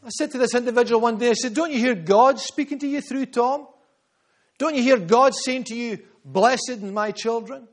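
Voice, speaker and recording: A Scottish man preaching a sermon as pastor to his congregation, driving points home with repetition and dropping to quiet asides. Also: extremely high pitch, normal speed.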